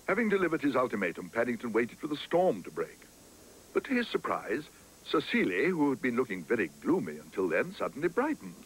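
A man narrating a storybook cartoon in a gentle, expressive reading style. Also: medium pitch, fairly quick, a little hiss or hum, low-quality recording.

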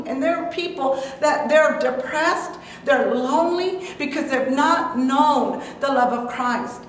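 A woman's voice: sits high, a little slow, few pauses, a little hiss or hum. A woman preaching to a men's Bible class with fervent, repetitive emphasis. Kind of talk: preaching exhortation. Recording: echoey room from far off.

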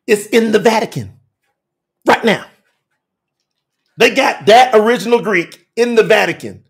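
A man preaching fiery and emphatic to a telethon audience as a scripture teacher, repeating phrases and shouting at times. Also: high-pitched, a little slow, creaky.

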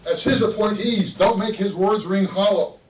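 A man's voice: sits high, normal speed. A man giving an earnest, pointed public statement at a board meeting, reading it out. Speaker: public commenter. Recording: roomy hall, mic far off.

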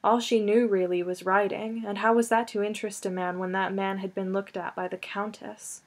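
A woman narrating an audiobook in an expressive way, slowing down on emotional lines. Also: medium pitch. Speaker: audiobook reader.

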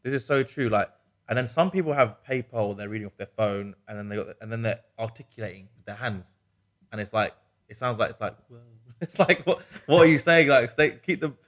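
A man, a wedding DJ co-hosting a podcast, chatting casually and telling animated stories. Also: lowish voice, fairly quick. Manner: chatty, animated storyteller with laughs. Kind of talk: casual chat.

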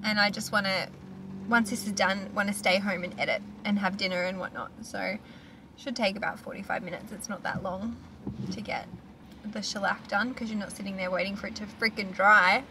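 A woman's voice: mid-range voice, steady tone, moderate pace, background noise. A young Australian woman chatting candidly to camera in a casual vlog, swearing now and then. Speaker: vlogger.

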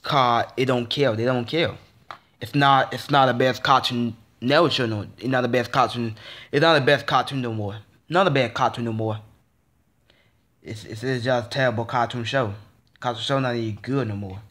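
A man's voice: medium pitch, steady tone, moderate pace, a bit bright. A man vlogging a frustrated, casual rant, repeating himself and stammering through restarts. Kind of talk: ranting casual monologue.

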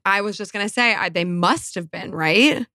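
Female podcast co-host in her thirties from Colorado, lively and sarcastic, bright sharp tone. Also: mid-range voice, moderate pace, dry recording, clean studio sound. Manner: lively, laughing, sarcastic storyteller. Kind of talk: casual chat.

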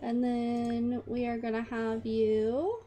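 A woman's voice: on the high side, flat delivery, dark tone. A woman giving casual commentary over a life-simulation game, chatty and narrating her moves. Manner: chatty, voices her characters in quick asides. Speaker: gaming channel host.

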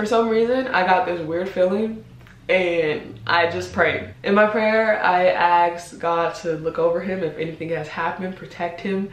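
A young woman speaks in a confiding vlog, and her voice carries a noticeable room echo. She is heartfelt and hesitant, with frequent pauses and ums. She sounds close to tears while she keeps her composure. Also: fairly low pitch. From United States. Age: 20s. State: holding back tears. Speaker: vlogger. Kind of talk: personal confessional vlog. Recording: roomy echo.

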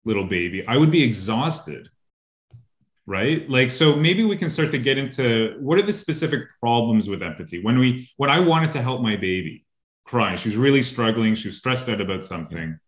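A man's voice: mid-range voice, animated, normal speed. A man hosting an interview, asking questions in a rambling, hesitant way. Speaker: host. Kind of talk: interview conversation. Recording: echoey room.

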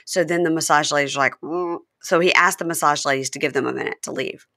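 A woman hosting a podcast, recapping a TV episode in lively, animated casual chat. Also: sits low, fast talker, creaky. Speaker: podcast host.

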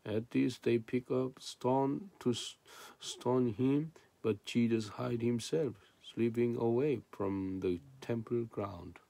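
Gravelly male preacher with dry sound. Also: mid-range voice, takes it slowly, mellow, dry recording. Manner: non-native English, frequent restarts and rhetorical questions. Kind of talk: sermon with scripture reading.

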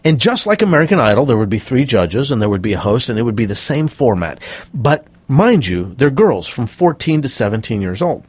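A middle-aged man, a performance coach, spins anecdotes with lively, swooping pitch. His voice is a little husky and sits close and dry on the microphone. He slips into the voices of the people he quotes. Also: brisk, no echo. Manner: animated storyteller acting out quoted voices. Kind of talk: interview storytelling.

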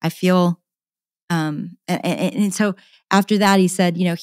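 A woman's voice: on the low side, fairly even intonation, measured pace, darkish tone, dry recording, studio quality. A middle-aged woman, a podcast guest, candidly telling a personal story in an earnest, passionate way and often repeating words.

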